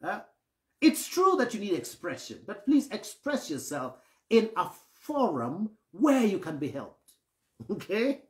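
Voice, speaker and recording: Animated man preaching in an echoey hall. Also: sits high, measured pace. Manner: asks the congregation for assent often; acts out grumbling voices to illustrate. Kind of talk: sermon.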